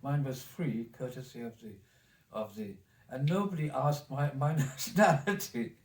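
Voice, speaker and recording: A man's voice: medium pitch, expressive, moderate pace, distant mic. Rambling elderly man with a German accent. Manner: rambling, with many restarts and repeated words. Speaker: interviewee telling his life story. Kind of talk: recorded oral history interview. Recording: echoey room, off mic.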